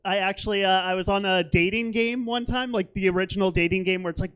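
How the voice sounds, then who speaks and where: A man's voice: sits high, fairly even intonation, quick pace, fairly bright tone, clear, resonant tone. A young man doing a stand-up comedy set on a theater stage, rambling and self-deprecating, with lots of fillers.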